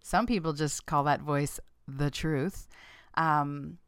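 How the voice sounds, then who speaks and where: Woman podcast host, frank and playful, laughs a lot; smooth clear voice on a close dry mic. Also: slow, fairly bright tone, no echo. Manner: acts out quoted lines with sudden pitch jumps. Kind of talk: casual self-help talk to listeners.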